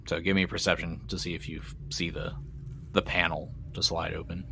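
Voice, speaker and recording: A man narrating calmly and descriptively as game master of a tabletop game. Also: deep voice, a little fast, gravelly, a little hiss or hum.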